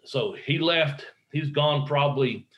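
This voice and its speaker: A man's voice: on the high side, unhurried, lo-fi sound. A man, a professional wrestler, telling a long anecdote in casual conversation, rambling and acting out the voices of the people he quotes. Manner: frequent fillers and restarts.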